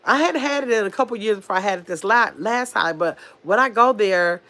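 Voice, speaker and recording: A woman's voice: medium pitch, fairly quick, bright, forceful tone. Woman, casual livestream host, chatty and easygoing, reads comments aloud. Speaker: livestream host reading chat.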